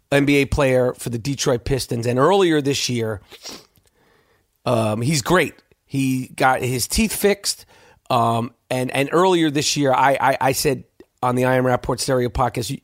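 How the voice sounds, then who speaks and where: A man's voice: medium pitch, no echo, studio quality. Brash, profane man hosting a podcast. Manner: brash, animated, stammering repeats. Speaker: podcast host. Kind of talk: profane rant.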